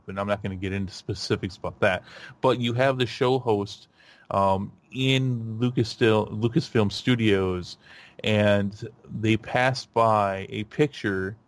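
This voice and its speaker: Rambling, excitable man chatting on a podcast. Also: fairly low pitch. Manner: rambling, animated, many fillers and restarts. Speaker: podcast host. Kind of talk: casual chat.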